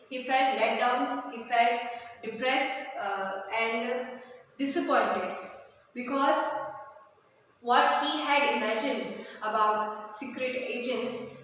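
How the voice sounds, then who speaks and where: Slow teacher woman in an echoey room. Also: on the high side, fairly bright tone. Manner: slow, repeats and glosses words with fillers. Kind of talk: explaining a textbook chapter. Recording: echoey room from far off, faint noise.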